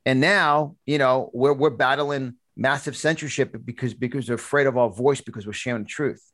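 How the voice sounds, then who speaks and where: Male talk host, dry close studio sound, mid-pitched voice, forceful storytelling with restarts. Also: moderate pace, no room sound. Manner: animated, repetitive restarts, preachy. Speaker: podcast host and conservative speaker.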